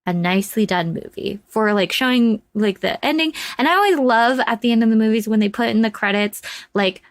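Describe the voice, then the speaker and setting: A woman giving a casual spoken movie review, rambling and chatty with many fillers, animated as she retells scenes. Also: a little high, brisk, no echo.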